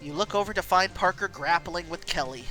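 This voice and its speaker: A woman streamer reading a story game aloud, animated and quick. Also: lowish voice, faint music behind, poor audio.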